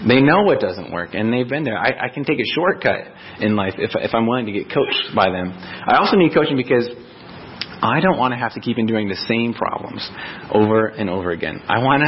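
A man's voice: lowish voice, expressive, a little fast, highs cut off, slight background noise. A man in his thirties, a pastor preaching a conversational sermon and acting out quoted voices. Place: church sanctuary.

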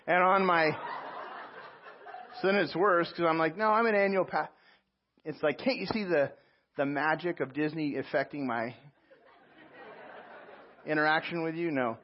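A man preaching a sermon, telling a personal story with animated asides and self-mocking laughs. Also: on the high side, measured pace, pauses often, dull audio, some chatter behind, a little hiss or hum. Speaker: pastor.

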